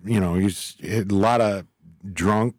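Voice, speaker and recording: Male guest, earnest storyteller, lowish voice, dry studio sound. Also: steady tone, measured pace, a little mellow, no room sound. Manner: earnest, rambling, acts out quoted voices. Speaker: author and guest. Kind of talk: storytelling in an interview.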